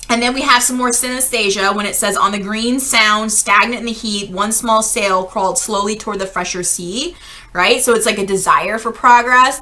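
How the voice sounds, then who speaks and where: A young adult woman leading a casual book-club lesson, chatty and animated, acting out quotes. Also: fairly high pitch.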